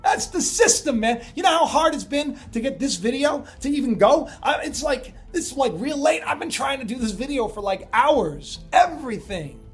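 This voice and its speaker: A man hosting a casual monologue video, rambling and chatty with lots of fillers and asides. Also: very high-pitched. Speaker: prophecy video host. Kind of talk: casual monologue on end-times signs.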